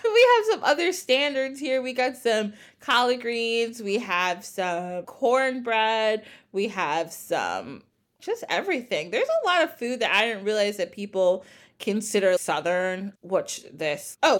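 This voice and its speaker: A woman's voice: mid-range voice, big pitch swings, a little slow, fairly bright tone. A woman from the North Jersey area hosting a podcast, chatting casually and laughing often as she tells stories. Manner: giggly, chatty storyteller. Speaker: podcast host. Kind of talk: casual chat.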